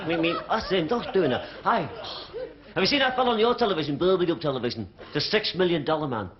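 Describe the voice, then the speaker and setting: A man's voice: on the high side, expressive, fast, noisy background. A man with a Liverpool accent doing a cheeky stand-up comedy routine, chatting and bantering with a live audience. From Liverpool, England. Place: theatre stage before a live audience. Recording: dull 1970s TV broadcast audio, loud audience laughter.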